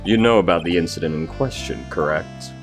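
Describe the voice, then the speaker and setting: A man's voice: low voice, a little fast, over music. A man doing a peppy young sidekick girl. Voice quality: perky, encouraging.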